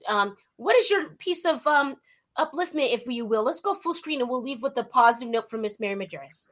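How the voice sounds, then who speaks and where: A woman's voice: on the high side, animated, fairly quick. A woman from California hosting an interview, upbeat and affirming, with playful shifts in her voice. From West Covina, California. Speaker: show host.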